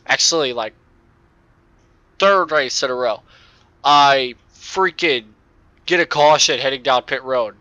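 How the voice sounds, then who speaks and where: A young man with a nasal voice and a bright edge to it talks through a racing game on a cheap microphone. He rambles in loose, excitable bursts and breaks off to curse at what happens on track. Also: mid-range voice, takes it slowly, pauses often, no room sound. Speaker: gaming YouTuber. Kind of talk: casual gameplay commentary.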